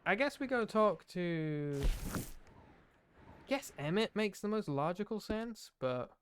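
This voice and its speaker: A man's voice: high voice, expressive, slow. A man streaming a game live, reading its text aloud in a put-on accent and talking through what he sees. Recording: background noise over game audio.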